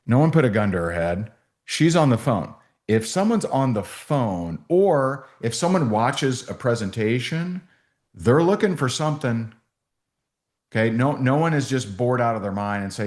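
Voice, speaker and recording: A man's voice: mid-range voice, expressive, normal speed, a little mellow. A man giving a sales training talk, telling stories and acting out both sides of phone calls.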